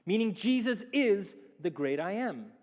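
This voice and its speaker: High-voiced male pastor preaching. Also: unhurried. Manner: animated preaching, acts out quoted speech. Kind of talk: sermon. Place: church sanctuary. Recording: long church reverb.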